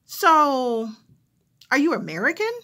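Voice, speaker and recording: A prying caller voice, curious and questioning, pitched higher than ordinary talk. A woman acts it out while playing both sides of a call. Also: big pitch swings, slow, pushed and bright, heavily acted. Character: curious, nosy phone caller.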